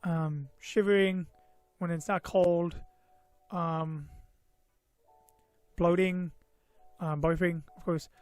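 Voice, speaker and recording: A man's voice: a little high, fairly even intonation, slow pace, long pauses, a little mellow, no echo. Tired, rambling young man vlogging. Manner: meandering, full of "you know" and "uh", self-mocking. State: tired and a bit loopy. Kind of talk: rambling personal story. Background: faint background music.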